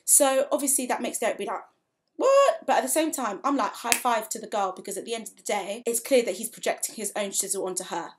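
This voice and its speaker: A young woman talks through a TV episode in a loose, chatty review. She is frank and playful, tosses in asides, and leans on fillers like "um" and "like". Her voice sits at a middle pitch for a woman. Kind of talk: casual spoken review.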